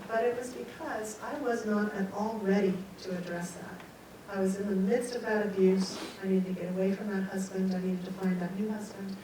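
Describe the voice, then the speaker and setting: An older woman recounts a personal story to an audience, lively and expressive, slipping into her own quoted thoughts. Her voice sits at a middling pitch and carries a heavy room echo from a mic some distance away, with faint hiss underneath. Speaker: guest speaker. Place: meeting room at a talk. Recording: very echoey hall, mic far off, faint hiss.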